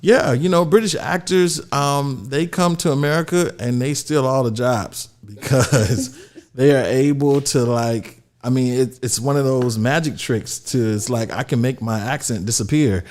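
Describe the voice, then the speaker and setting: A man from Florida hosting a casual chat about TV shows, relaxed, with lots of fillers and "you know". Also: medium pitch, measured pace. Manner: laid-back, many fillers and "you know". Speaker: host.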